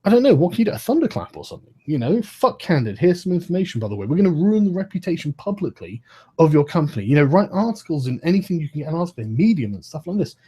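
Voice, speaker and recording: A man's voice: a little high, sing-song, racing, warm tone, slightly rough. A man in his thirties, ranting heatedly in a live-stream debate over a video call, swearing often and breaking off his own sentences. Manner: swears a lot, rants, interrupts himself.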